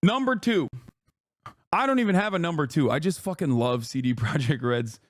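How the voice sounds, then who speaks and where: A man on a livestream reacting to videos, his voice pitched high and recorded dry with no room sound. He talks in an animated, profane, mocking rant, jumping between jokes and outrage. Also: normal speed, no room sound. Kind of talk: casual livestream reaction commentary.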